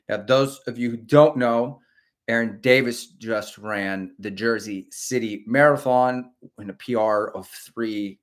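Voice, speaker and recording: A middle-aged man hosts a running livestream, casual and chatty, reading comments aloud. His voice is on the low side with a fairly bright tone.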